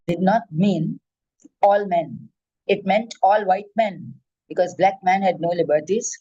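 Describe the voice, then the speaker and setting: Older woman giving a measured lecture. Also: fairly low pitch, dark tone, husky, dry recording, lo-fi sound. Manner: measured, emphatic, enumerating points. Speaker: former judge, guest speaker.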